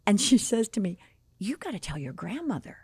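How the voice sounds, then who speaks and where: Speaking a little fast in a husky, medium-pitched voice, a Chicago-area woman in her sixties shares her own story on a podcast. She performs the quoted conversations with animation. The audio has studio quality and no echo.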